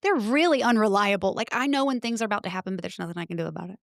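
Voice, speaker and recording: A middle-aged woman, a podcast guest, telling a spooky personal story in casual chat, breaking into loud quoted exclamations. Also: medium pitch, very fast, gravelly, dry recording, clean studio sound.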